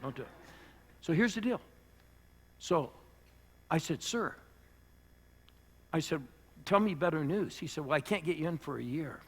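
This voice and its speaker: An older man, a pastor, preaching to a church audience and telling a personal story, rising to loud bursts and dropping to hushed lines. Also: a little high. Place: church service before a live audience.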